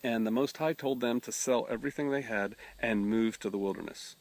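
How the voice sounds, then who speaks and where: A man's voice: mid-range voice, a little fast. A middle-aged man, a pastor telling a folksy story and acting out the voices of the people in it. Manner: folksy, drawling, acts out voices in his story. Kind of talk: storytelling testimony.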